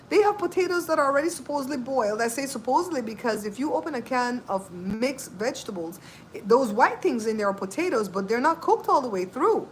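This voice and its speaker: A woman's voice: high-pitched, fairly quick, a little hiss or hum, rough recording. A woman hosting a cooking channel, talking in a casual, sassy, chatty way. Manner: animated, chatty, sassy asides. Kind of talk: casual chat.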